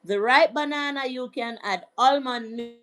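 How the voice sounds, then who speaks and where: Woman, middle-aged, from Jamaica, live-stream host, chatty, rambling, gives shout-outs. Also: high voice, normal speed. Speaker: vlog host. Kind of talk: casual live-stream chat.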